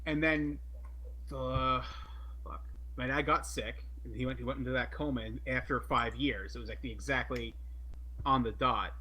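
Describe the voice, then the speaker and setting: A man's voice: medium pitch, fairly even intonation, moderate pace, sharp tone, rough recording. A man co-hosting a podcast, telling a personal story in a loose, hesitant way with casual swearing. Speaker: podcast co-host.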